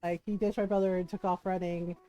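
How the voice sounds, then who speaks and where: A woman's voice: lowish voice, flat delivery, fairly quick, dark tone, clean tone, rough recording. A woman streamer telling a family story in casual chat while she plays a game. She laughs often and keeps saying "like" and "right?". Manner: chatty, laughs often, says "like" and "right?" a lot. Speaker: livestream host.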